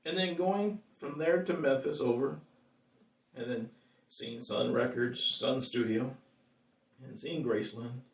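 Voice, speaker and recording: A man's voice: medium pitch, a little slow, vocal fry, long pauses. A man, a singer-songwriter, chatting casually with viewers between songs, rambling and laughing often. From California. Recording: echoey room, mic at a distance.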